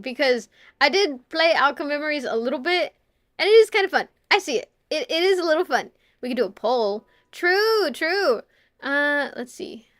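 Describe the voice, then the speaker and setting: A woman's voice: high voice, sharp tone, no room sound, studio quality. A young woman chatting casually on a live stream, rambling and giggling, muttering to herself while she works.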